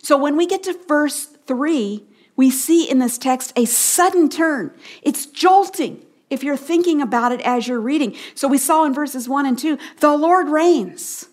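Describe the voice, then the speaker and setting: A woman giving a radio Bible teaching as the host. She is earnest and emphatic, repeats key phrases, and sometimes drops to a soft hush for stress. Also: high voice, moderate pace.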